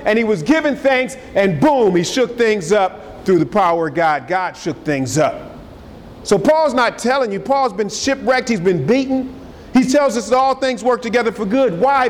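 A man preaching a sermon, emphatic and calling out to his congregation. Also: high-pitched. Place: church sanctuary. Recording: long reverb of a large hall, faint noise.

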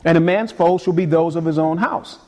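A man preaching a sermon in a casual, conversational way, swinging between quiet passages and sudden emphatic peaks. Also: on the high side, a little fast. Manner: casual conversational delivery with repeated words. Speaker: pastor.

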